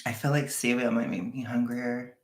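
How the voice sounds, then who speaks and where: A woman's voice: rumbling low, fairly even intonation, moderate pace, echoey room. A woman with a Californian accent chatting casually with her livestream viewers, rambling, sighing and venting with frank frustration. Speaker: vlogger chatting with a live audience.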